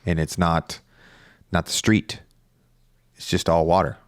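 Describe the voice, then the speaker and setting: Podcast co-host, young man, very low voice, dry close sound, casual rambling delivery. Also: level tone, measured pace, no echo. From Northern California. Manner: rambling storyteller, laughs often. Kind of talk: casual chat.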